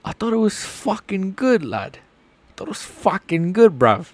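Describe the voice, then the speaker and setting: A man's voice: high voice, big pitch swings, unhurried, dry recording, voice pushed up. A man voicing a cocky young British street lad in a mock British accent, swaggering and full of slang. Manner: swaggering, slangy, repeats "bruv".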